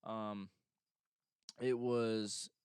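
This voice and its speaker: A man's voice: fairly low pitch, little pitch movement, drawn-out words, a little mellow, smooth, no echo, clean studio sound. A young man hosting a casual show, rambling through events with lots of fillers and mocking quotes. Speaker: show host. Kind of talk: casual chat.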